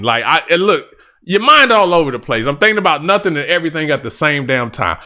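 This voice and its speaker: A man's voice: a little high, sing-song, quick pace, pushed and bright. A man hosting a reaction channel, talking casually and rambling with restarts as he reacts to a song.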